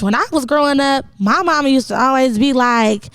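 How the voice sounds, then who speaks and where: A young woman from Cleveland with a high voice, telling stories in casual podcast chat. She acts out the people she quotes in a lively, animated way. The sound is dry and close. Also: moderate pace, smooth, no room sound. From Cleveland, Ohio. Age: young adult. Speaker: podcast co-host.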